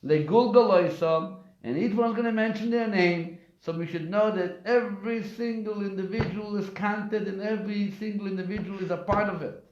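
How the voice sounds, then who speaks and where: A man's voice: high voice, moderate pace, hardly any pauses, darkish tone. A man, a rabbi, giving a weekly class, telling stories and asking rhetorical questions with emphasis. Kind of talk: weekly Torah class lecture. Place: live class in a community center. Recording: echoey room, dull lo-fi sound.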